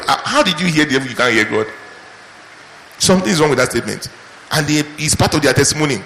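Guy preaching in a big echoey church, faint room hum, quiet scripture bits then loud punchy questions. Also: medium pitch, lively intonation. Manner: rhetorical questions, rising to loud emphatic peaks; slow, hushed scripture recitation. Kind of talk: sermon. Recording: echoey hall with faint ambience.

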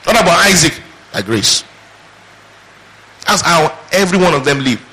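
Bright-voiced male pastor preaching call-and-response. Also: on the high side, expressive, normal speed, poor audio. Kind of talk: sermon.

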